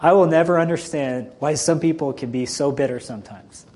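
A man's voice: a little high, a little fast, a little mellow. A man preaching a sermon as a pastor, emphatic and full of rhetorical questions to his listeners.

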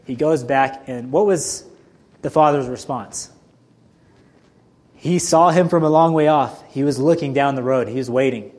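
A man's voice: mid-range voice, unhurried, long pauses, a little mellow. A man preaching a sermon as a pastor, emphatic and full of rhetorical questions to his listeners.

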